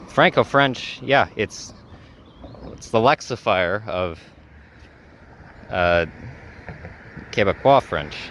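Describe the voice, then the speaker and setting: A man's voice: fairly low pitch, a bit bright, a little hiss or hum. A man talking casually in a travel vlog, rambling with lots of fillers and self-corrections. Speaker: travel vlogger.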